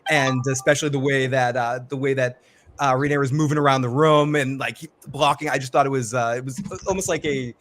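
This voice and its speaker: A man chatting on a livestream in a relaxed, rambling way with many fillers. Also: mid-range voice, a little fast. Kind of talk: casual livestream chat.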